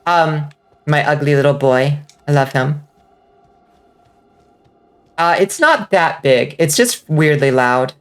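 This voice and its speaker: A woman streaming a game live, chatting casually and rambling with lots of fillers, now and then breaking into excited outbursts. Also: low voice, takes it slowly, pauses often, soft background music. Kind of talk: casual livestream chat while gaming.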